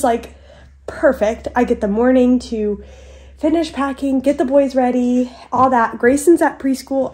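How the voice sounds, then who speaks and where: High-voiced, bubbly woman vlogging. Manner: bubbly, excited, talks straight to viewers. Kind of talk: casual vlog chat to camera.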